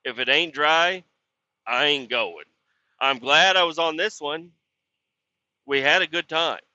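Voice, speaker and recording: Bright-voiced grumbling man, rambling. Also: a little high, unhurried, no echo. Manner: profane, grumbling and frustrated, with many fillers. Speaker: truck driver hauling water; podcast host. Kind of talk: casual rambling monologue. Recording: dull lo-fi sound.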